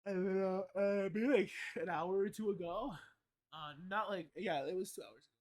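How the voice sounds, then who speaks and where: A man's voice: sits high, steady tone, normal speed, darkish tone. A young man rambling through a casual live stream, often correcting himself and swearing freely.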